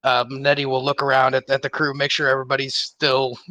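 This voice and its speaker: A man's voice: mid-range voice, completely flat delivery, fast, bright, forceful tone, no echo. A man describing his character's actions in a tabletop game, casually and with chuckles. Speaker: player.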